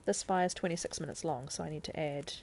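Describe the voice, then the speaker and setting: Woman, game streamer, chatty tutorial talk, thinking aloud, lowish pitch, faint background hiss. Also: quick pace, gravelly, a little mellow. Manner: chatty and explanatory, thinking aloud as she plays. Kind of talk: casual live-stream gameplay tutorial.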